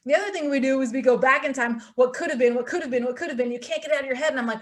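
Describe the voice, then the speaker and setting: Brief: young woman podcast host, high-pitched, animated chatty storyteller. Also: rapid-fire, hardly any pauses. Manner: animated storytelling, acts out her own thoughts. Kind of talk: casual chat.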